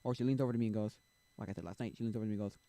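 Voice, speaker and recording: A man's voice: lowish voice, fairly even intonation, rapid-fire, mellow, dry recording, low-quality recording. A man streaming and chatting casually, rambling and blunt, full of restarts and asides to his chat. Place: home streaming setup.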